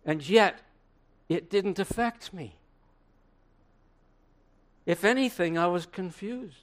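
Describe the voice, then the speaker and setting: A man playing an earnest old apostle, high-voiced. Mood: solemn. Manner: slow, earnest, with dramatic pauses and swelling emphasis. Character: aged male apostle recalling the crucifixion, earnest. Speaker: preacher in character. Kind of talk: first-person dramatic sermon monologue. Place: room with listeners.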